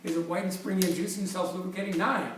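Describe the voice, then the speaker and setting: A man's voice: sits high, level tone, very fast, a little mellow. A man in his fifties working as a chiropractor, giving an enthusiastic, jokey presentation with props, often restarting his sentences. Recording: echoey room, distant mic, faint noise.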